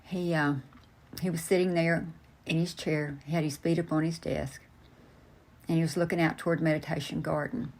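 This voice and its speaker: Older woman, low voice, halting storyteller answering interview questions. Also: level tone, darkish tone. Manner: slow, halting, many fillers and restarts. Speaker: interview guest.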